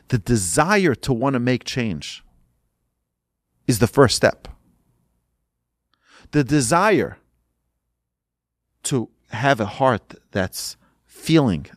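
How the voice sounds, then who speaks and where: A man's voice: mid-range voice, no room sound, clean studio sound. A man giving an urgent sermon as a religious teacher, emphatic and repeating his points.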